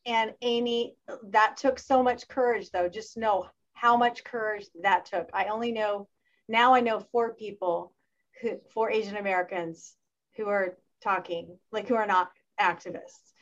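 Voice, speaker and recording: A woman in a casual panel discussion, talking in an animated way and acting out the voices of people she quotes. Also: mid-range voice, a little slow, highs cut off. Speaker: panel guest.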